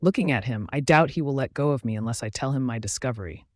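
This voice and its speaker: A man narrates a romance novel in steady, scripted first-person prose. His voice sits at an ordinary middle pitch. The recording is close and dry, with no room around it. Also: fast talker, no room sound. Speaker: audiobook narrator.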